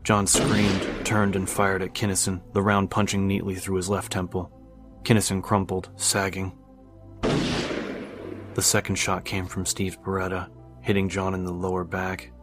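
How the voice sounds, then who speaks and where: A man narrating an audiobook in a steady, measured reading. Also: low voice, music in the background.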